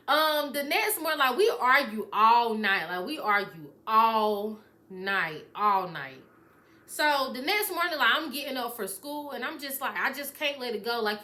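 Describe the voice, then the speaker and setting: Bright, animated young woman telling a story. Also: a little high. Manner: animated, acts out quotes, swears freely. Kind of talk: casual storytime chat.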